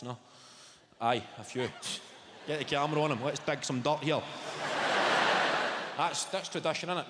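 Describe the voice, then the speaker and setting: A young Scottish man doing a stand-up routine, swearing freely and bantering with the crowd. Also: medium pitch. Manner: swearing, quick banter with the audience. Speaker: stand-up comedian. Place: large comedy venue in front of a live audience. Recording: echoey hall, loud audience noise.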